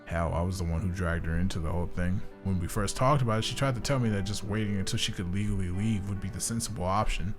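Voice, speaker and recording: A man's voice: sits low, lightly acted. A man reading as a guilt-wracked young man. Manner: bitter, self-blaming confession.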